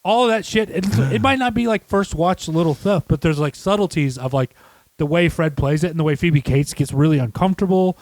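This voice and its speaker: Male podcast co-host, slightly high voice, dry room, animated recaps. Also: a little fast, dry recording. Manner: animated, acts out quotes in shrieking voices, swears. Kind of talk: casual movie discussion. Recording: dry close-miked home studio.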